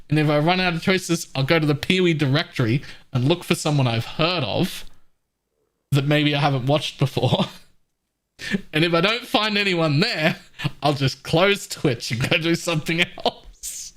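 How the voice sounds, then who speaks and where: A man's voice: on the high side, fairly bright tone. A man streaming a game live, chatting casually with his viewers, laughing often and restarting his phrases.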